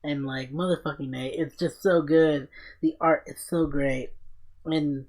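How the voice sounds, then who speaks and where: A man hosting a casual podcast, telling stories in an excited, profane, rambling way. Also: a little high, unhurried. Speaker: podcast host.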